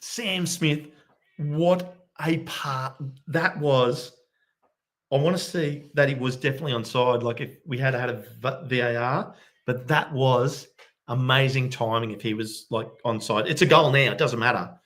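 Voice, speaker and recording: Fan watchalong host: a man calling the game with quiet excitement at home late at night, medium pitch. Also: a little slow. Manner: excitable, bursts into loud cheering. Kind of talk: live match commentary for viewers.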